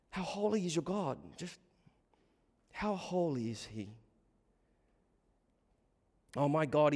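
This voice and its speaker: A man preaching a sermon with passion, surging to loud emphatic bursts and dropping to quiet low asides, often repeating words as he restarts a phrase. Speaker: pastor. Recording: long hall reverb.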